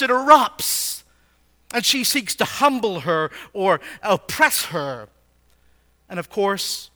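A man teaching a Bible passage in a sermon, animated and asking his listeners frequent rhetorical questions. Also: high-pitched.

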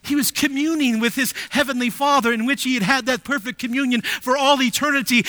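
A man preaching a sermon. He rises to emphatic declarations, drops to quiet asides and asks the congregation rhetorical questions. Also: very high-pitched, brisk, hardly any pauses, no echo. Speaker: pastor.

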